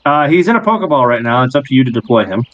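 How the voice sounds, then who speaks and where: A man serving as game master, narrating a tabletop game in an animated, rambling way. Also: medium pitch, very fast, lo-fi sound.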